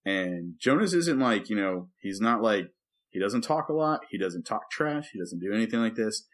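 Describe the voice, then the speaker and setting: A man's voice: on the low side, normal speed. A man co-hosting a podcast, a preacher telling a story in casual chat and acting out the quotes as he goes. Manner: animated storyteller who acts out quotes and sings movie lines.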